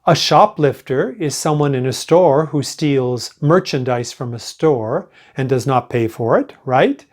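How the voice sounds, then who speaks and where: Reading out sample sentences for learners to echo, an elderly teacher leads a slow English pronunciation class. He articulates each word clearly and unhurriedly, with animated pitch.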